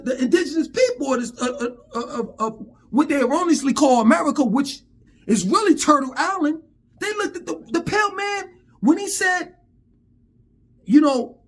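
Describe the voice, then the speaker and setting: A man vents in a fiery, profane monologue and keeps tripping over repeated words. His voice sits high and leaps all over the place. He sounds worked up and blunt. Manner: heated, profane, stammering repetitions. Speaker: vlogger. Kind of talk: angry monologue rant.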